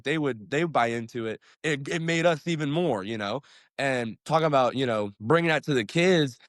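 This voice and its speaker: A young man, a high school football coach, talks in a casual interview, upbeat and rambling, with lots of fillers and restarts. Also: fairly bright tone, dry recording, clean studio sound.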